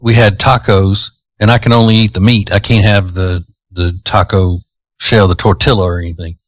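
A man's voice: low voice, steady tone, moderate pace, no echo. A man co-hosting a morning radio show in a studio, laid-back and laughing easily as he talks about food. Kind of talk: casual morning show banter.

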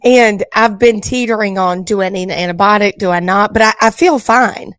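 A woman's voice: medium pitch, moderate pace, a bit bright, no echo. Chatty woman co-hosting morning radio. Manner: chatty, laughing, playful. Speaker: radio co-host. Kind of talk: casual on-air banter. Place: radio studio.

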